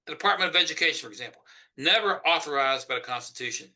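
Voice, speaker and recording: Man, Southern US accent, political interview guest, emphatic, sharp tense tone. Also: a little high, expressive, rapid-fire. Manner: emphatic, forceful argument. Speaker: Senate candidate guest.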